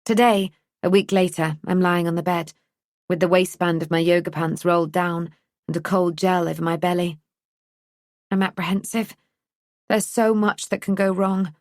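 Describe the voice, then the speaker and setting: This scripted audiobook narration comes from a woman reading a thriller steadily and evenly, her voice fairly low. The recording is dry and of studio quality.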